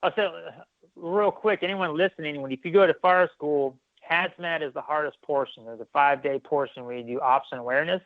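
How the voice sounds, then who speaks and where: Male podcast guest, animated storyteller, dry and phone-thin. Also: fairly high pitch, brisk, dry recording. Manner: animated, re-enacts dialogue, many restarts. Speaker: podcast guest, former military firefighter. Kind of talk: casual storytelling interview. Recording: tinny phone-like line.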